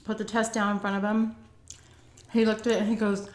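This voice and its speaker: A woman's voice: medium pitch, steady tone, fairly quick. A woman vlogger telling a personal story in a casual, chatty way, with many "like" and "um" fillers. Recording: echoey room.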